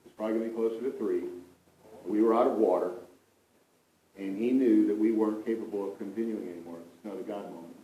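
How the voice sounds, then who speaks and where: A man recounting a mission trip story to a group, with animated, emphatic storytelling that often repeats itself. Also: on the low side, quick pace. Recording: roomy, from a distance.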